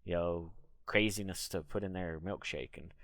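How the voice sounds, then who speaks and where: A man talks casually on a livestream, rambling from point to point and breaking now and then into big demonstration laughs. His voice sits low with a gravelly fry. The sound is dry and close. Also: fairly even intonation, moderate pace, a bit bright, no echo. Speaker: streamer. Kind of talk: casual solo talk on a livestream.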